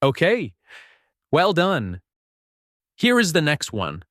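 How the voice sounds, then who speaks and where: A man teaching an English lesson, speaking slowly and clearly, encouraging learners and repeating phrases. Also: medium pitch, big pitch swings, fairly bright tone, no echo, studio quality.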